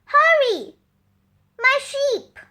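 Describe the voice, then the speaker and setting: A woman voicing a lonely, mischievous shepherd boy who shouts frantically for help. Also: very high-pitched, lively intonation, slow pace, voice pushed up, exaggerated voice. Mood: frantic shouting.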